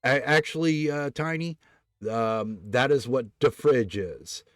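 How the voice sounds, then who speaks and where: A man's voice: mid-range voice, lively intonation, slow pace, dry recording, studio quality. A man hosting a casual late-night stream, rambling and hesitant, full of fillers as he tells a joke and talks with chat. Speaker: streamer host.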